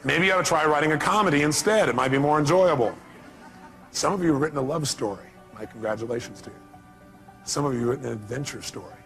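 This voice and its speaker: A man gives an emphatic motivational seminar talk in a high, forceful voice. He throws rhetorical questions at the audience. His delivery stays punchy throughout. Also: quick pace, gravelly, soft background music. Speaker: motivational speaker.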